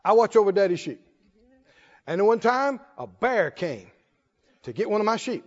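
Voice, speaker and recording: A man voicing an eager, brash teenage shepherd boy, excited and indignant, in a dull lo-fi recording with a long echo. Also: high-pitched, moderate pace. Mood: boastful. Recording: dull lo-fi recording in echoey hall.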